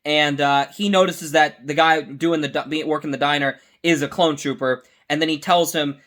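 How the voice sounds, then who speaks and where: Male host, casual fan review, high voice, excitable, trips over himself correcting details. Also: moderate pace. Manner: excited, rambling, with frequent self-corrections.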